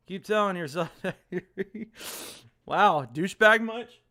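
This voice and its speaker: A woman's voice: mid-range voice, measured pace. A woman streamer playing a visual novel live, reading its text aloud and ranting in exasperation about its grammar, often swearing. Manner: reads game text aloud in a flat voice. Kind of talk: live-streamed game playthrough with commentary.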